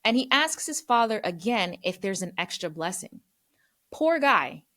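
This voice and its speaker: A woman's voice: mid-range voice, big pitch swings, measured pace, bright, forceful tone. A woman hosting a podcast, retelling and teaching scripture in a chatty, slangy way. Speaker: podcast host.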